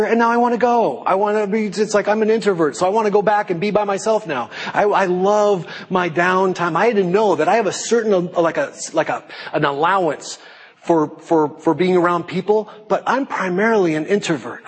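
A middle-aged man preaching a sermon in a lively, joking way, slipping into put-on voices for effect. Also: fairly quick, slightly rough, in a large hall. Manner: animated, jokey, puts on high panicky voices. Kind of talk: sermon with acted asides.

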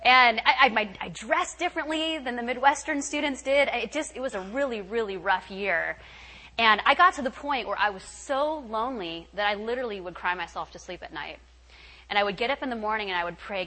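A young woman from California telling a candid, animated personal testimony as a speaker at a church retreat. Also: medium pitch, a little fast, low-quality recording. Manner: candid, animated storytelling with filler words. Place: retreat meeting hall.

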